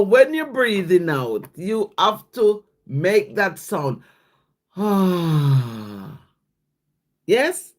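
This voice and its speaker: A livestream host speaking in a casual devotional chat, reading scripture and viewer comments aloud and often checking in with "yes?". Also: medium pitch. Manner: slow, repeats "yes?" after each thought, thanks viewers by name.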